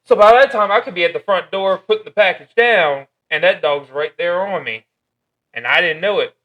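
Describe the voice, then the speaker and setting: A man with a bright, sharp-edged voice, pitched a little high, talks in casual podcast chat. He explains things earnestly, drawing on his own experience. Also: moderate pace, rough recording. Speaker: podcast co-host.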